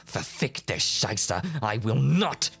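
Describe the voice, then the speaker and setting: A furious drawling party host. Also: male voice, lowish voice, big pitch swings, slow pace, vocal fry, a bit bright, husky, soft background music, exaggerated voice. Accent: Southern US. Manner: angry, swearing, with a drawl. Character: furious young man, party host in a rage.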